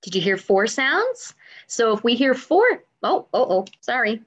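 A woman's voice: fairly high pitch, big pitch swings, unhurried, slightly rough, lo-fi sound. A woman music teacher giving an online lesson to young children, drawing out words in a sing-song way and asking lots of encouraging questions.

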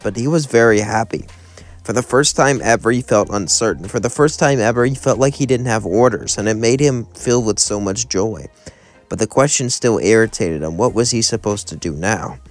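A young man telling a fan story in a rambling, casual way. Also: lowish voice. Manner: rambling, run-on sentences.

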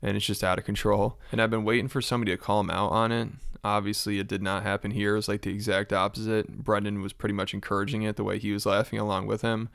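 A man's voice: fairly low pitch, little pitch movement, fast, creaky, few pauses, a bit bright, clear, resonant tone, no room sound, clean studio sound. A man giving casual reaction commentary as a YouTube host, chatty and mildly exasperated.

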